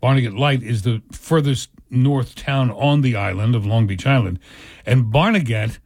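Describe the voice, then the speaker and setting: A man's voice: medium pitch, normal speed, darkish tone, no echo, studio quality. A man from New Jersey co-hosting a casual radio talk show, easygoing and knowledgeable as he explains local history. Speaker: radio co-host.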